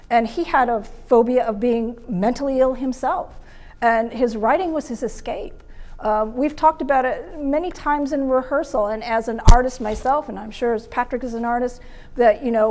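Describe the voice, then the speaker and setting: Female director, thoughtful, slightly high voice. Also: a little mellow. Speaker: theatre director. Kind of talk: interview.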